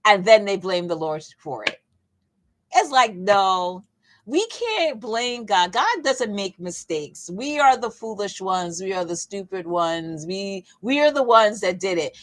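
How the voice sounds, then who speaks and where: A woman coach leading a casual Bible teaching session, talking in a lively, conversational way with emphatic repeats and playful asides. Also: mid-range voice, poor audio. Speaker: fitness coach and faith session leader.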